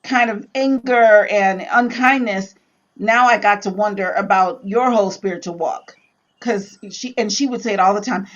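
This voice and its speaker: Animated woman telling stories in a chat. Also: medium pitch, normal speed, muffled recording. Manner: animated storyteller, acts out quotes in voices. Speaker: Bible study co-host. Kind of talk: casual chat.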